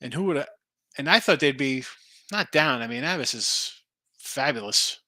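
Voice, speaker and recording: Casual male betting-show host, bright forceful voice, dry close mic, rambling and animated. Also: mid-range voice, moderate pace, dry recording. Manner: animated, rambling, thinks aloud over betting lines. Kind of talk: casual live-stream chat reading viewer picks.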